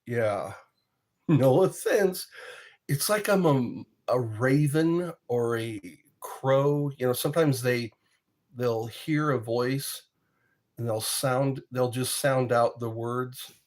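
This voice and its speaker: Slow-talking, chuckling man vlogger. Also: medium pitch. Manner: rambling, chuckling, self-interrupting. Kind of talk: casual storytelling monologue.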